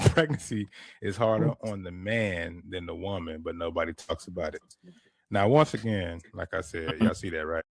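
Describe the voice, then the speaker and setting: Low-voiced man, laid-back podcast chat, dry close sound. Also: normal speed, vocal fry, no echo. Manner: animated, laid-back storytelling with repeated restarts. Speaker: podcast host. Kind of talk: casual chat.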